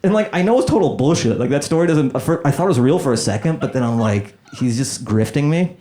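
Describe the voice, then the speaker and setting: A man in his thirties doing a stand-up comedy set, animated and acting out characters in quick voices. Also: medium pitch. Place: comedy club stage before a laughing audience. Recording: live club set with loud crowd laughter.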